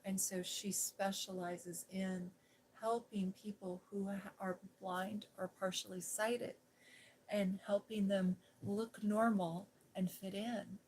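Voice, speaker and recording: A middle-aged woman recounting a memory in a soft, hushed storytelling voice. She slips now and then into near-whispers. There is a faint hiss in the background. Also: mid-range voice, level tone, takes it slowly, low-quality recording. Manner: gentle, hushed, drifting into whispers. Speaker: ASMR host.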